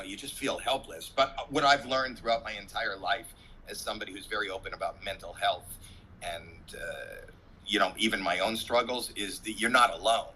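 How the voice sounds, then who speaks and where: A man on a video-call panel, telling a candid personal story in an animated way. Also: lowish voice, a little hiss or hum, low-quality recording. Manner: animated storyteller, acts out swearing quotes. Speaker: comedian panelist.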